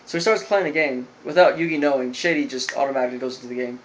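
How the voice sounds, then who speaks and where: A man's voice: mid-range voice, racing, fairly bright tone, a little hiss or hum, low-quality recording. A man reviewing an anime episode, retelling the plot in a loose, rambling way with lots of fillers. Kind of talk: casual spoken recap.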